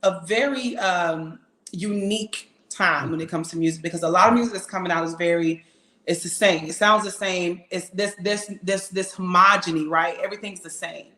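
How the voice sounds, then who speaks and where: A woman's voice: fairly low pitch, moderate pace. Emphatic young woman singer in an echoey room. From Atlanta, Georgia. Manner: lively, emphatic and candid, with frequent laughs. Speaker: singer and podcast guest. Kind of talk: casual interview chat.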